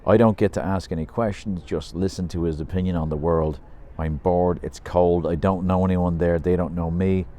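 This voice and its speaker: An Irish man reads a story aloud in a low, deep voice. His tone is mellow and dry, like easy conversation. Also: fairly even intonation, normal speed, few pauses. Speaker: narrator. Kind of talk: audiobook narration.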